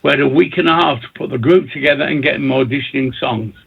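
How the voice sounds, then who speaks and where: A man's voice: mid-range voice, quick pace. A man guest, a record producer and DJ, telling long rambling stories in an interview, repeating himself and restarting his sentences. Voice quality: gravelly and husky. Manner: talks in bursts, repeats himself, many restarts. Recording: tinny phone-line audio.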